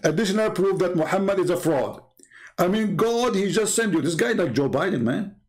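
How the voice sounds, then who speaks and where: A man's voice: high voice, expressive, brisk, a little mellow. A man talking on a live stream as an online religious debater, combative and mocking, repeating himself and laughing at his own jokes.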